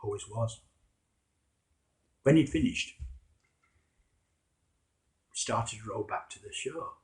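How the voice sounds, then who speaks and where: A man's voice: lowish voice, slow. Wry man telling a first-person story. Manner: wry, conversational, self-mocking.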